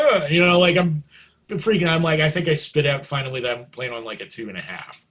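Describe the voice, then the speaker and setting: A middle-aged man, a guest musician, telling stories in a casual interview, loose and chatty, jumping into excited quoted reactions. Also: fairly high pitch, quick pace. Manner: loose and chatty, many likes and you knows.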